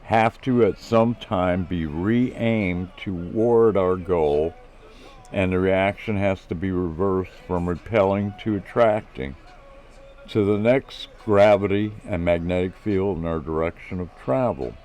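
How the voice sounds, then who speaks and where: A man's voice: low voice, slow, darkish tone. A man reading the lines of an eager adult male inventor friend who uses Aussie slang and explains technical plans at length. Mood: earnest.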